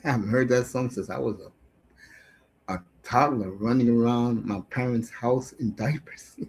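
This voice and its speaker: A man's voice: medium pitch, steady tone, measured pace, rough recording. Brash profane middle-aged man ranting. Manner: brash, profane, swinging between shouts and mutters. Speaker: sports talk show host. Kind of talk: casual sports rant.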